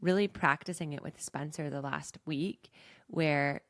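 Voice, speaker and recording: A woman's voice: low voice, steady tone, a little slow, no echo, studio quality. A young adult woman hosting a podcast, talking casually and reflectively as a coach, with many fillers. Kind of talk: reflective personal talk.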